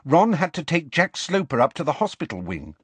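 A man voicing a kind, persistent teenage schoolgirl in an audiobook, lifting his pitch and coaxing gently. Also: very animated, a little fast, breathy edge, dry recording.

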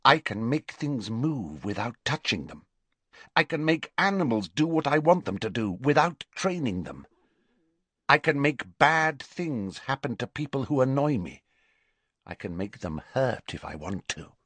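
A man reading an audiobook and voicing an intense, proud orphan boy in a hushed, whispery whispered role-play manner. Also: mid-range voice, very animated, moderate pace, few pauses, slightly rough, no room sound, heavily acted. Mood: eager.

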